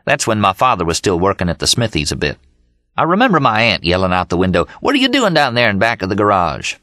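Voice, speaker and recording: A man narrating an audiobook voicing Dean, a manic, excited young man who boasts and yells. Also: lowish voice, no room sound, clean studio sound, full character voice. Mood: boastful. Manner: exuberant yelling, rapid storytelling.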